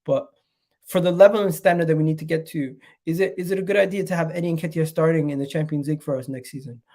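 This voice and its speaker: A man's voice: a little high, fairly even intonation, quick pace, dark tone. A man hosting a casual football live stream, sounding nasal from a cold and chatting straight to his viewers. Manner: chatty, rambling, addresses viewers directly. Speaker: football channel host.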